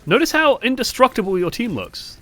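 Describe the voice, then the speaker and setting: A young man coaching over gameplay footage, moving from calm breakdowns to exasperated outbursts and swearing bluntly. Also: very high voice, a little fast. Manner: swings from calm analysis to exasperated shouting. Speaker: game coach. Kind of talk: live-streamed gameplay review commentary.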